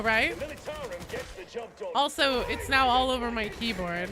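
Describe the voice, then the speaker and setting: A woman streamer with a cold, chatting excitably to her viewers during a live game stream at her desk at home, swearing and exclaiming often. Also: fairly high pitch, a little slow, pauses often. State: has a cold. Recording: noisy home stream audio.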